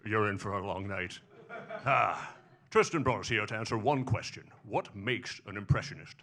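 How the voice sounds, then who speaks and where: A man's voice: on the low side, normal speed, a bit bright. A man on stage impersonating a smug older Scottish film star who lisps and drawls. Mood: wry. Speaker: comedic narrator. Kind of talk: live stage impression. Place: small comedy venue.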